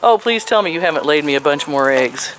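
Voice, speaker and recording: A woman's voice: deep voice, expressive, a little fast, background noise. An older woman chatting outdoors to her chickens and rabbits, cooing in sing-song baby talk and laughing often. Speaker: vlogger. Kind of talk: casual chat to pets.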